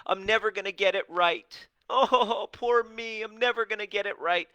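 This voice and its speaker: A high, wailing voice of someone sunk in self-pity, as a man puts it on. It is bright and shouted, with a strained, whining lift on every phrase. The delivery is full of despair about never getting anything right. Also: normal speed, smooth, no echo, low-quality recording. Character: self-pitying defeatist person, whiny adult.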